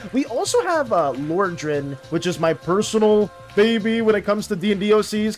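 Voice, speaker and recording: This young adult livestreamer talks in a loose, rambling way and keeps circling back and restarting sentences. The pitch swings widely as they chat, and the voice sits at a middling height. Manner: rambling and animated, many restarts and fillers. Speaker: livestreaming artist chatting with viewers.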